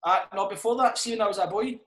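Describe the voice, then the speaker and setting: A man's voice: sits high, quick pace, a bit bright. A Scottish man and comedian chatting casually on a podcast, swearing a lot and laughing through his stories. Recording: roomy echo.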